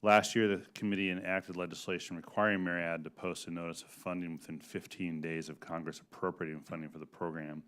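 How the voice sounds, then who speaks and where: Deep, clear-voiced congressman questioning witnesses. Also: level tone, a bit bright. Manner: halting, many fillers and restarts, folksy. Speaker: congressman questioning a hearing panel. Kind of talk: committee hearing questioning. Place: hearing room.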